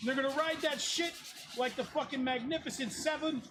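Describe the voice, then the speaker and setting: A man's voice: very high voice, fairly even intonation, a little fast. A man chatting and joking in a workshop, swearing a lot, his voice run through a voice changer. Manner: profane, joking, mimics others. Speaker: shop owner hosting open shop. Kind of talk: casual workshop banter. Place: noisy prop workshop. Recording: sanding noise in workshop.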